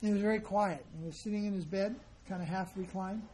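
A man's voice: high-pitched, fairly even intonation, fairly quick, darkish tone, a little hiss or hum. A man teaching as a spiritual teacher in an informal sermon, speaking in a conversational, emphatic way and acting out the people he quotes.

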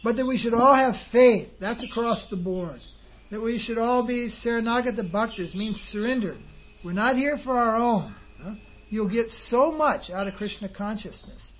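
A very high-pitched man speaks at normal speed over slight background noise. As a spiritual teacher, he gives a group an informal, rambling devotional talk with chuckling asides, recorded in dull lo-fi with faint ambience.

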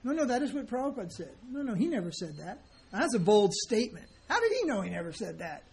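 A man's voice: sits high, sing-song, fast talker, vocal fry, a little mellow, husky. A man teaching as a spiritual teacher in an informal sermon, speaking in a conversational, emphatic way and acting out the people he quotes.

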